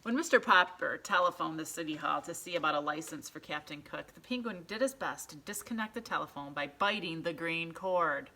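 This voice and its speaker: A woman reading a children's book aloud in an expressive, animated storytelling way. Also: sits low, fairly quick, hardly any pauses. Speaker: reader.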